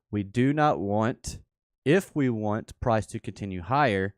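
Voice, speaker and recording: A man hosts a livestreamed trading workshop. He thinks aloud at an unhurried pace in a lowish voice, often stopping to correct himself. His voice sounds close and dry, with no room around it. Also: a little mellow, dry recording. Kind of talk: livestream chart walkthrough.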